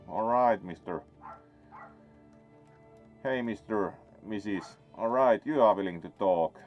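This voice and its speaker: A man with a lowish voice speaks slowly with long pauses, giving wry, playful, casual let's play commentary while he plays. He's a gaming host; the recording is dull lo-fi, with faint game music in the background.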